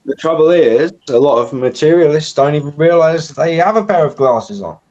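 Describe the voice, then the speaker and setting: A man's voice: a little high, lively intonation, moderate pace, darkish tone. British man on dull lo-fi audio. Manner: discursive, dense with philosophical terms. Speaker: debate panelist. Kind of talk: philosophical debate.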